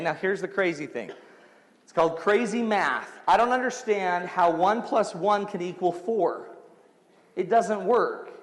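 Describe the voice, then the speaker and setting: Animated male host in a reverberant hall. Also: high-pitched. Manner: animated storyteller, acts out dialogue, audience laughter. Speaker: radio show host. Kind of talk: radio talk and recorded motivational speech. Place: large hall before an audience.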